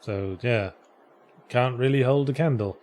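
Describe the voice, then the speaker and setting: A man's voice: mid-range voice, unhurried, darkish tone, a little hiss or hum. A man, co-hosting a casual chat and reading out viewer questions, with dry, wry remarks.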